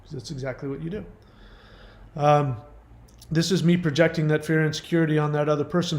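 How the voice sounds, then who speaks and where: A man's voice: fairly high pitch, steady tone, a little fast, long pauses. Blunt man talking in an echoey room. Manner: blunt, emphatic, tells personal stories. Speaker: host. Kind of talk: commentary on a viewer's message.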